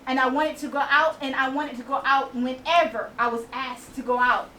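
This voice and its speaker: A woman in her late forties sharing an animated, laughing testimony at a women's conference. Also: high voice, brisk. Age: 40s. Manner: animated storytelling, laughing and exclaiming. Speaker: inspirational speaker. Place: conference venue with a small audience. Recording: distant mic with faint audience and room noise.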